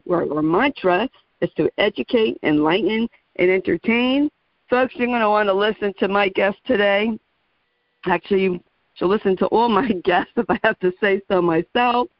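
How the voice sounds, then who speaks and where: A woman's voice: mid-range voice, no room sound. A woman hosting a radio interview show in a chatty, friendly way, laughing easily as she introduces her guest. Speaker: radio talk show host. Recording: dull lo-fi radio sound.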